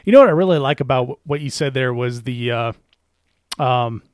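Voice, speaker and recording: Podcast host, mid-pitched, relaxed back-and-forth, dry studio sound. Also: fairly quick, no echo. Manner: brief affirming interjections. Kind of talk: casual conversational interview. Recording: dry close podcast mic.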